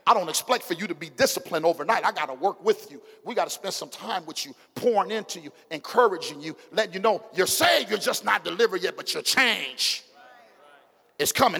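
A middle-aged pastor with an African American Vernacular English accent preaches in a high voice. He drops to a hush and builds to shouts, calling out to the congregation. The sanctuary gives his voice a long, ringing reverb. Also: lively intonation, fairly quick, gravelly, breathy edge. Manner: call-and-response preaching, swings from hushed to shouting. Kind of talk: sermon. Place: church sanctuary.

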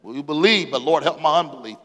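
A man in his forties preaching a sermon as pastor, calling out to the congregation, swinging between loud exclamations and quiet scripture reading. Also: fairly high pitch, animated, a little fast. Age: 40s. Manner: call-and-response preaching, rises to shouts, reads scripture aloud. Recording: long hall reverb.

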